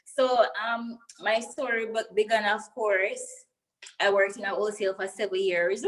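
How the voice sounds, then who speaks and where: A woman's voice: mid-range voice, steady tone, normal speed, rough recording. A young Jamaican woman being interviewed about her life. She speaks earnestly and openly in a medium voice, with feeling close to the surface as she recounts her story. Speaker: guest.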